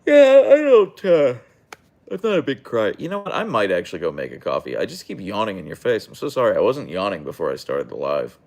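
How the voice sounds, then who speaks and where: A man's voice: fairly low pitch, huge pitch swings, brisk, creaky, a little mellow. A young man hosting a casual livestream, reading chat aloud and answering in a rambling, hesitant way with many fillers and restarts.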